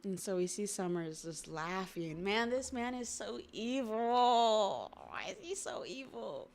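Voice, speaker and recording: A young woman livestreaming, reading a comic aloud and reacting in casual slangy chat, quick to get excited. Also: mid-range voice. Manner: slangy and excitable, says bruh and y'all.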